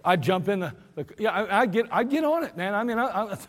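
A man delivers a sermon in an animated storytelling manner and acts out the voices of the people in it. His voice sits high and swings widely in pitch. A long reverb from a large hall trails behind every phrase. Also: brisk. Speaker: preacher.

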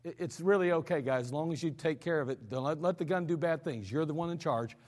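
A man preaching a sermon to his congregation, telling stories in a loose, conversational way with animated acted quotes, recorded in a church sanctuary. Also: on the high side, fast talker. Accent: American. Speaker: pastor. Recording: church hall reverb.

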